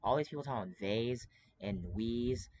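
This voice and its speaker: A man's voice: mid-range voice, unhurried, darkish tone, dull audio, a little hiss or hum. A man talking to camera in a rambling, urgent way, full of fillers and restarts. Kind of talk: casual monologue to camera.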